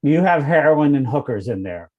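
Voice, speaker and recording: A man voicing a bewildered, deadpan male passerby in an improvised comedy reading over a video call. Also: mid-range voice, moderate pace, dull audio, close to an everyday voice. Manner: deadpan comic replies.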